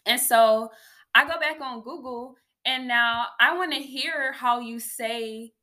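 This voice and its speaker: A woman vlogger sharing a faith testimony in a casual, animated way, often calling her viewers y'all. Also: a little high, takes it slowly.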